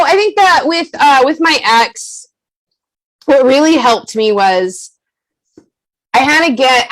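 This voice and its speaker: A woman guest on a podcast, talking candidly in an animated, profane, emphatic way and laughing often. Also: a little high, low-quality recording.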